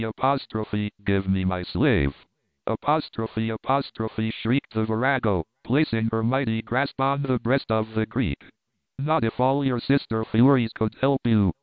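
Guy reading an old novel aloud, smooth voice, thin phone-like sound. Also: medium pitch, dry recording. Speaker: narrator. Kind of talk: audiobook reading of a classic novel. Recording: dry tinny phone-like sound.

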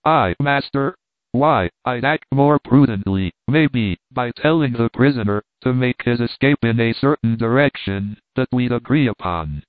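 A man's voice: mid-range voice, measured pace, no echo, natural voice. A man voicing a loyal, practical servant who speaks earnestly and plainly. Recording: tinny phone-like dry sound.

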